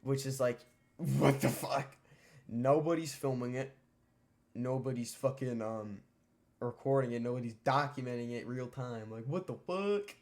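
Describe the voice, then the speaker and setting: A man's voice: mid-range voice, a little slow, a little mellow. A teenage boy streamer telling a story casually, profane and rambling with lots of fillers. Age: teens.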